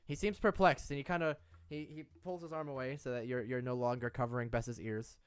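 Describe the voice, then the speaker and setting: A man narrating a tabletop role-playing game as game master, describing scenes in a loose, relaxed way. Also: medium pitch, a little fast, clear, resonant tone, dry recording.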